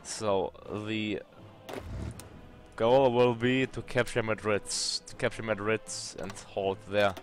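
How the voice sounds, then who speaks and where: Young male let's-play host, lowish voice, talks through his moves, curses at glitches, faint music behind. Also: little pitch movement, takes it slowly. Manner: thinks aloud, swears at game bugs. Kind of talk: strategy game commentary.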